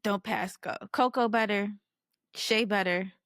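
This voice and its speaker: A woman's voice: medium pitch, steady tone, unhurried, a bit bright, no echo, studio quality. A woman co-hosting a podcast, shifting from heartfelt reflection to playful teasing, laughing often. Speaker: podcast co-host. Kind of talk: casual chat.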